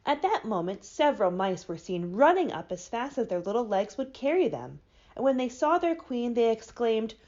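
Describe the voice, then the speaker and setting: A woman librarian reading a children's book aloud with expressive storybook delivery. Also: fairly high pitch, normal speed, highs cut off.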